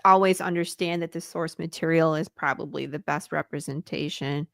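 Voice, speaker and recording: A woman's voice: low-pitched, fairly even intonation, moderate pace, gravelly, no echo, studio quality. A woman joining a casual movie chat, opinionated and frank.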